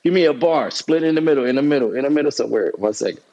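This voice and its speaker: A man's voice: mid-range voice, lively intonation, rapid-fire, mellow, highs cut off. Easygoing man calling for a song.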